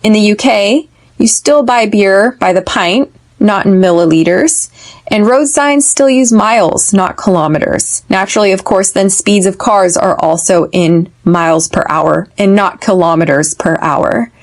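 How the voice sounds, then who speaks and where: A woman hosting an English-learning podcast with an American accent. She drills phrases slowly and clearly for listeners to repeat. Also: mid-range voice. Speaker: podcast host and English teacher.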